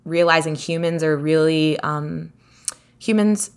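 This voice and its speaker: Chatty low-voiced woman podcaster. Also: measured pace, clean tone. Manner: rambling, many "like" fillers, animated retelling. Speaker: podcast co-host. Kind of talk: casual chat.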